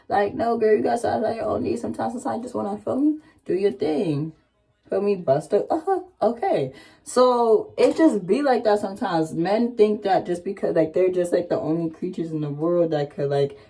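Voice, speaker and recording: Slangy young woman telling a story. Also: sits low. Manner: slangy and candid, fillers and rising excitement. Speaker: vlogger. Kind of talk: casual storytime chat.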